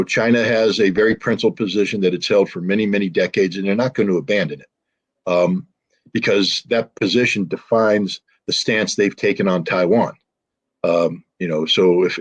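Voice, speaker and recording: Husky man, animated political commentary. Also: low voice. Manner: hesitant fillers, then animated and emphatic. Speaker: guest analyst. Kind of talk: interview commentary.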